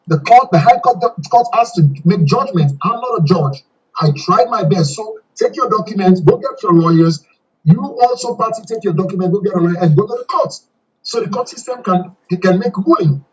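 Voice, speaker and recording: A man's voice: high voice, lively intonation, a little fast, breathy edge, distant mic, muffled recording. A man with a Sierra Leonean accent, giving a fiery interview and repeating himself when angry. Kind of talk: impassioned interview.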